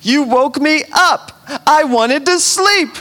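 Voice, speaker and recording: A man's voice: very high voice, lively intonation, takes it slowly, voice pushed up, heavily acted. A man doing a whiny six-year-old girl. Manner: whining, shouting complaints.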